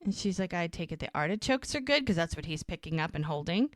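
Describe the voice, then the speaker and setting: Woman, podcast co-host, casual recap, quotes characters, low voice, dry sound. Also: fast talker, no echo. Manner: animated retelling, acting out characters' lines.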